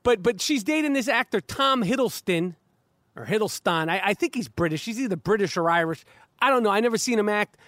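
High-voiced man rambling on a podcast. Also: a little fast, dry recording. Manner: rambling, profane, stammering restarts, animated. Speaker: podcast host. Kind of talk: casual podcast chat. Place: backyard, outdoors. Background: dog barking.

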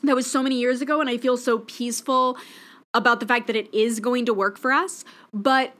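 A woman's voice: fairly high pitch, steady tone, fairly quick, fairly bright tone. Candid emotional woman podcast host. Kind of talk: personal monologue.

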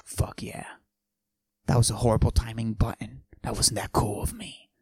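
A man playing a boastful macho character, pushing his voice low and husky and often dropping to a whisper while he brags deadpan. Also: normal speed, lightly acted. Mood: swaggering. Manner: boastful, deadpan absurd bragging. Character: cocky macho man with a forced deep voice. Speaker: podcast host. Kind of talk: comic character monologue.

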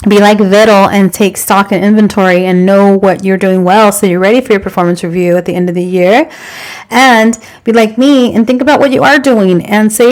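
A woman's voice: medium pitch, normal speed, poor audio. Upbeat woman hosting a podcast. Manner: upbeat, gives advice and asks questions. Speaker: podcast host. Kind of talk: casual chat.

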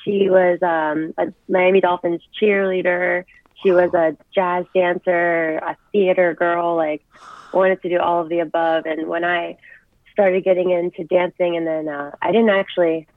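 A woman's voice: lowish voice, flat delivery, moderate pace, no room sound. A young woman wrestler, chatting as an interview guest and telling stories in an upbeat way. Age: young adult. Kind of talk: casual interview chat. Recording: tinny phone-like line.

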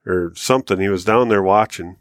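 An American man telling a long hunting story in casual podcast chat, acting out quotes with bursts of excitement. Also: brisk, no echo, studio quality. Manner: animated storyteller, rises high and loud when acting out quotes. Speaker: podcast co-host.

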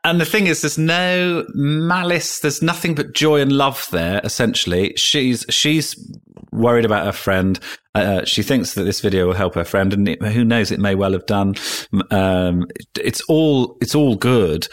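Low-voiced man telling stories. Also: animated, moderate pace. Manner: chatty, self-mocking storytelling with frequent ums and restarts. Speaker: guest. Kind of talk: casual podcast chat.

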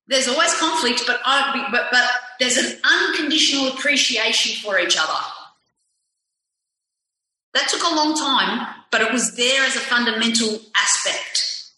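A woman reflects candidly as an interview guest, animated, swearing freely and questioning herself. Her voice sits a bit high and rings bright. The very echoey room makes it boom. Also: a little slow. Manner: animated, profane, self-questioning.

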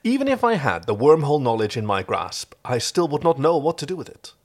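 A man's voice: fairly high pitch, big pitch swings, a little fast, voice pushed up. A man reading as a solemn alien warlord. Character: cold scheming male alien warlord. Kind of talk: reading fan fiction aloud.

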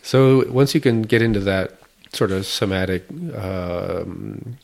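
Very deep-voiced playful man. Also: slow, vocal fry, a little mellow. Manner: laughs often, playful. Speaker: podcast host teaching a practice. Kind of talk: casual explanatory chat.

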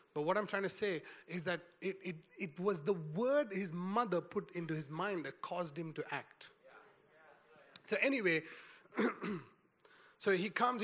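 A man preaching a sermon, retelling a scripture story in a storytelling way and building to loud emphasis. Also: fairly high pitch. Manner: storytelling, acts out quotes, rising to loud emphasis.

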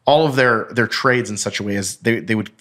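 A man's voice: on the low side, brisk, a bit bright. A man in casual podcast chat, explaining a finance story at length with restarts and the odd swear word.

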